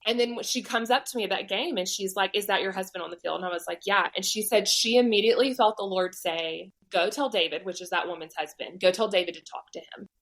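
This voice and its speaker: A woman's voice: medium pitch, fast talker, few pauses, fairly bright tone, poor audio. A woman in her thirties with a Southern US accent, a podcast guest telling a personal faith story animatedly and acting out the voices of people she quotes. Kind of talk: storytelling testimony.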